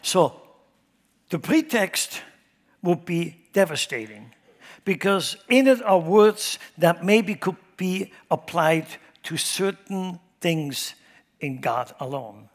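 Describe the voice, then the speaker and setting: A man preaching a sermon who speaks emphatically, swinging his loudness up and down and asking his congregation rhetorical questions. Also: sits high, animated, takes it slowly. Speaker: pastor. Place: church sanctuary. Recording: long hall reverb.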